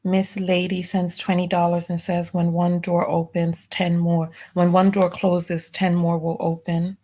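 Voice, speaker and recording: Slow, low-voiced woman livestreamer. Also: completely flat delivery. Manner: reads donation messages aloud, then softly thanks each. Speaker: livestream host. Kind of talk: live stream, reading viewer donations.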